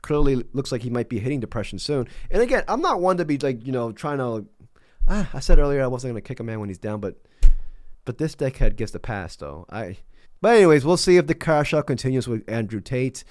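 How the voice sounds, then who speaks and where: A man's voice: mid-range voice, big pitch swings, fairly quick, darkish tone, dry recording. A man doing casual, mocking commentary on a video clip, laid-back and loose. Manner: mocking, laid-back, many fillers and restarts. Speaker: commentary YouTuber.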